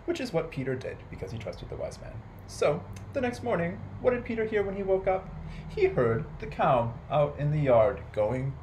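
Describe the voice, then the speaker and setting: Male library storyteller, lively and singsong, playful with sound effects for kids. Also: fairly high pitch, moderate pace, low-quality recording. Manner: animated, playful, with animal and noise sound effects. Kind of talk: children's story read aloud.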